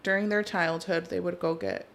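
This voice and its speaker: A woman's voice: lowish voice, sing-song, moderate pace, vocal fry, a bit bright. A young woman as a podcast guest, telling personal stories in an open, conversational way. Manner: open, storytelling, emotional at times. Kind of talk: casual chat.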